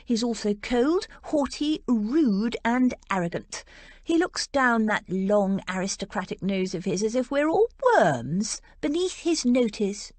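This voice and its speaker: A woman's voice: a little high, lively intonation, a little slow, darkish tone, no echo. A woman voicing a spirited young woman in an audiobook, indignant and outspoken. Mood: scornful.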